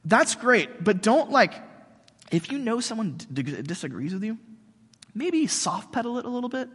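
A man preaching a sermon in a relaxed, chatty way, full of slang and fillers. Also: high-pitched, normal speed, husky, in a large hall. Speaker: pastor.

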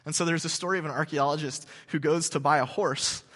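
A man preaching a sermon to his congregation, telling stories in an animated, joking way with many restarts. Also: on the high side, fast, long reverb tail. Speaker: pastor. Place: church sanctuary.

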